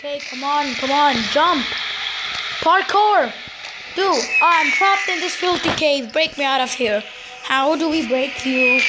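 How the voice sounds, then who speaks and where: A woman hosting a let's play, excitable and jokey, exclaiming at every surprise. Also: sits high, a little slow, very noisy. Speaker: gaming channel host. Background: game music.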